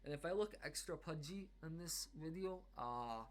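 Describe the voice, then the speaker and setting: A man's voice: a little high, expressive, moderate pace. A man vlogging at home in a casual, rambling monologue to camera, reflective and reassuring, with many fillers and restarts. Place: at home indoors.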